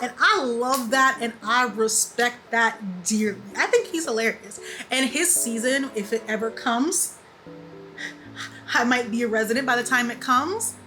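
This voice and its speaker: A woman in her twenties giving a casual, animated TV recap, repeating lines for emphasis and laughing often. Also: fairly high pitch, poor audio. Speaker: beauty vlogger.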